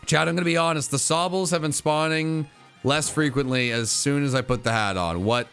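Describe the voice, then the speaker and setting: A man's voice: fairly high pitch, fairly quick, gravelly, a bit bright, clear, resonant tone, soft background music. A man streaming a video game, playful and theatrical, talking to his chat. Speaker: gaming streamer. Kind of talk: live stream commentary and chat reading.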